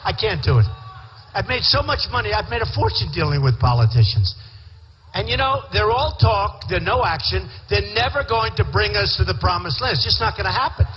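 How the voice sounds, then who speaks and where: A man's voice: high voice, sing-song, a little fast. A man giving a campaign rally speech as a presidential candidate. His talk is boastful, rambling and repetitive, delivered into a podium microphone in a large indoor venue. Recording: large hall reverb, faint crowd noise.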